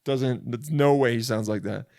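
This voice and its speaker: A young man hosting a comedy podcast, riffing in a crude, rambling monologue that keeps stopping and restarting mid-thought. His voice sits at a medium pitch. The recording is close and dry, made from a bed in a rental apartment. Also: moderate pace, dry recording. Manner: crude, self-interrupting, rambling. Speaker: podcast host.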